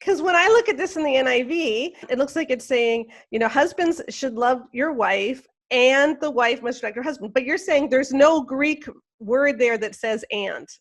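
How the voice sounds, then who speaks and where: Woman host, pretty high voice, keeps asking what it means and sums it up. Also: normal speed, hardly any pauses. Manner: asks clarifying questions, restates points plainly. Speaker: podcast host. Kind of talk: podcast interview.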